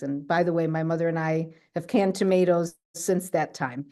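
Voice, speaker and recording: Chatty woman with a low voice. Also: steady tone, normal speed, hardly any pauses, warm tone. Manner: chatty, keeps checking in with "right?". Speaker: speaker sharing her healing story. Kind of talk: casual talk on a video call.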